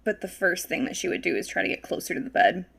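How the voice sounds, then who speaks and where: A woman player chatting casually at a tabletop game, blunt and quick to laugh. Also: on the low side, vocal fry, fairly bright tone, a little hiss or hum. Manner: blunt, swears, laughs easily. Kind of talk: casual chat at the gaming table.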